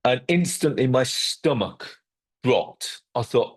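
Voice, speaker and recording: Husky-voiced man telling a story. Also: on the low side, moderate pace. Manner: animated storyteller acting out phone calls. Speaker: property investor and host. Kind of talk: storytelling to camera.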